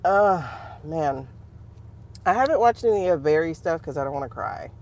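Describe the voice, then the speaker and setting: A woman's voice: sits low, normal speed, a little hiss or hum. A woman hosting a casual livestream as a tarot reader, chatting to her viewers and laughing often. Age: adult. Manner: chatty, animated, laughs often, talks to the chat.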